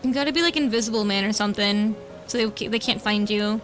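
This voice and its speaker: A young vtuber streams from a room at home, drawing while chatting casually with viewers and cooing baby talk at her cat. She sounds bubbly and chatty, speaking fast in a medium-pitched, fairly bright voice, with faint music behind her.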